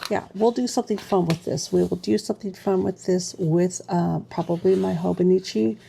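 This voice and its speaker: A woman's voice: on the low side, fairly even intonation, moderate pace, creaky, mellow, slight background noise. A woman vlogger chatting casually through a stationery unboxing, gushing and exclaiming as she goes.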